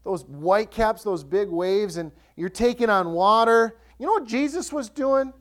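Male pastor, lively sermon storyteller, acts out voices, swinging pitch. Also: a little slow.

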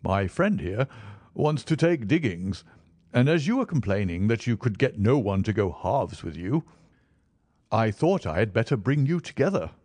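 A man's voice: fairly low pitch, sing-song, moderate pace, darkish tone, no echo, pitched above the performer's own voice. A man voicing a genial, teasing young man in a storybook reading, in a slightly raised voice. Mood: friendly.

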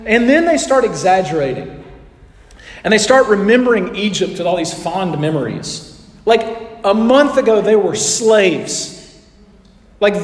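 A man's voice: high-pitched, echoey room, long reverb tail. A man preaching a sermon in a conversational way, asking the audience questions and acting out quotes. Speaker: pastor.

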